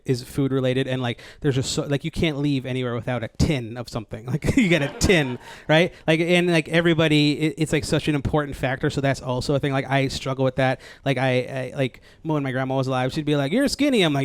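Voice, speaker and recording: A man doing a stand-up set on a live stage, rambling with lots of likes and restarts and laughing at his own jokes. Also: medium pitch. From New Jersey, USA. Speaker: stand-up comedian. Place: comedy stage before a live audience. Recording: live stage mic with audience noise.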